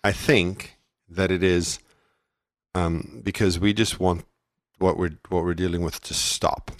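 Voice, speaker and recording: A very deep-voiced man from South Africa co-hosts a casual parenting podcast. He muses aloud, circling back and restarting his sentences, poking fun at himself. The sound is close and dry. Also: steady tone, a little slow, no echo. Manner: reflective, self-deprecating, many restarts. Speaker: podcast co-host.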